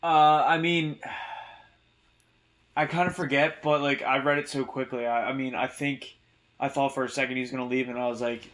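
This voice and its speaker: A man's voice: mid-range voice, fairly even intonation, moderate pace, fairly bright tone. Hesitant, hedging podcast co-host man. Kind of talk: casual book discussion.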